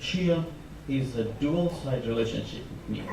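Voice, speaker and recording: A man's voice: medium pitch, animated, measured pace, vocal fry, noisy background. Impassioned man preaching in an echoey hall. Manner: impassioned, rising emphasis on repeated phrases. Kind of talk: sermon. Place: mosque hall. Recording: echoey hall, mic from far off.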